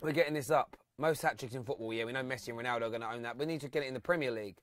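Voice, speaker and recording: A man's voice: medium pitch, racing. A man hosting a live football phone-in, chatting with callers and reading out fan comments and stats.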